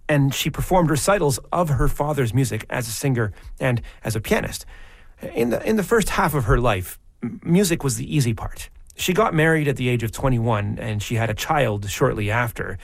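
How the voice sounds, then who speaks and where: A male radio host introduces the music and tells the composer's story in a measured, conversational tone. His voice sits at an everyday middle pitch. It is recorded dry and close in a studio. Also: no echo. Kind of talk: scripted radio presenting. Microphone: studio microphone.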